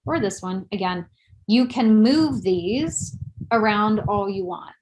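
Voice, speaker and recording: A woman's voice: medium pitch, expressive, slow, darkish tone, rough recording. Chatty woman presenting a webinar. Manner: chatty, self-deprecating, thinks aloud while clicking. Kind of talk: live screen-share webinar tutorial.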